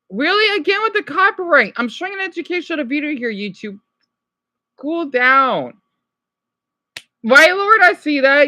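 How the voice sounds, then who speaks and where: A woman's voice: sits high, pushed and bright, dry recording. A woman streaming live, chatting casually and answering viewers' comments as she reacts to a video. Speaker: livestreamer.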